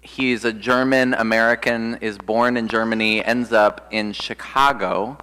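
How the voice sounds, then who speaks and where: A man, an Episcopal priest, preaching a sermon in a relaxed, thoughtful way, often pausing with "uh" and "um". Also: lowish voice, slight background noise. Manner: conversational and reflective, with frequent "uh" and "um". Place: church. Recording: long church reverb.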